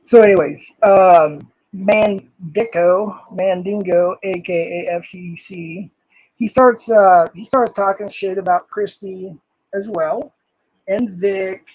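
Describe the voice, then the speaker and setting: A man's voice: sits high, fairly even intonation, slow pace, darkish tone, no echo, rough recording. An older man streaming live, reading comments aloud in an angry, swearing rant.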